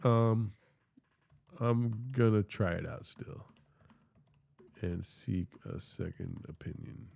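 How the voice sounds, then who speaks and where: A young adult man livestreaming, talking in a teasing, crude and deadpan way. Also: on the low side, takes it slowly, creaky, long pauses. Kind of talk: casual stream chat.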